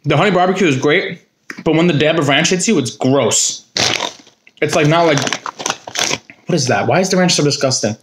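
A man reviewing snacks in a casual vlog, with a slightly higher-than-average voice. He rambles and jokes bluntly, full of "like" and "uh." A clear layer of background noise sits under his voice. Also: normal speed, pauses often. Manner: blunt, rambling and jokey, with frequent fillers.

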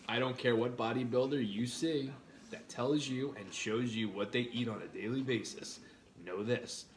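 A young man hosting a casual live stream, eating while he reads out viewer comments and answers them in a chatty, blunt way. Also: on the low side. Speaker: livestream host.

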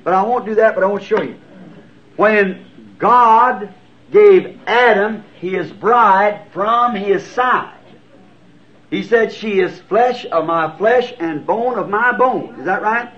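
High-voiced Southern preacher on old tape. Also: male voice, takes it slowly, a bit bright. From United States. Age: 50s. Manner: earnest, folksy, self-deprecating. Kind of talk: sermon answering written questions. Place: church sanctuary. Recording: dull lo-fi tape recording. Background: congregation answering amen.

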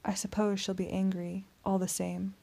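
A woman voicing a suave male vampire in an audiobook, speaking in a soft, courteous, menacing purr. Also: medium pitch, flat delivery, moderate pace, vocal fry. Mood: silky menace. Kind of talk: audiobook character reading.

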